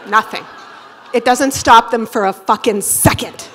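High-voiced profane storyteller woman. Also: unhurried, a faint crowd, a little hiss or hum. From Boston area. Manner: profane, animated, comic, with rhetorical asides. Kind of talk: live personal storytelling. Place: theater stage before a live audience.

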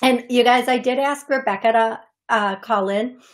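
A woman with a high voice hosts a psychic medium radio show from a studio. She talks in a chatty, emotional way, with frequent fillers and restarts. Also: moderate pace. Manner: chatty, emotional, warm-hearted, uses fillers. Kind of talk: call-in reading on radio.

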